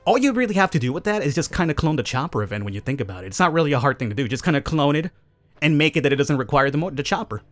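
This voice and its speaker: A man's voice: on the high side, sing-song, very fast, a bit bright, no room sound, faint music behind. Chatty man hosting a gaming Q&A. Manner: chatty, opinionated, self-aware cynical asides. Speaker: gaming channel host. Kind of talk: casual gameplay Q&A commentary.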